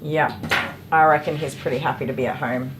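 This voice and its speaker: Chatty woman, lowish voice. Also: steady tone, a little fast, noisy background. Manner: chatty, rambling, answers viewer chat by name. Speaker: dog groomer livestream host. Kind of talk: casual livestream chat while grooming. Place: grooming salon, indoors.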